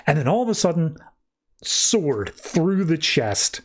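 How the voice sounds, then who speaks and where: A man's voice: on the high side, very animated, slow pace. A man hosting a podcast who casually retells a comic book plot in a loose, chatty way, with lots of filler words. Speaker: podcast host.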